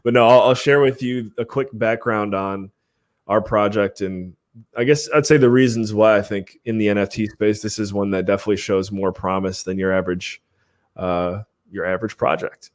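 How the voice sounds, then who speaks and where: A man's voice: on the low side, steady tone, moderate pace. A man hosting a live podcast stream, chatting casually in an upbeat way and laughing often. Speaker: podcast host.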